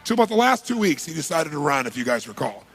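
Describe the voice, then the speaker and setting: Raspy gravelly guy fired up on stage, quick questions to a huge crowd. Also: on the high side. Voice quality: gravelly, husky. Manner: energetic, punchy, polls the crowd with quick questions. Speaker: seminar speaker. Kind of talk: live seminar talk to a large audience. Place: large seminar hall with a live audience.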